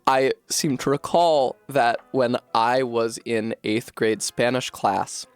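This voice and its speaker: A man's voice: mid-range voice, steady tone, slow pace, clear, resonant tone, no echo, faint music behind. A man chatting casually while streaming a game, joking and swearing through rambling asides.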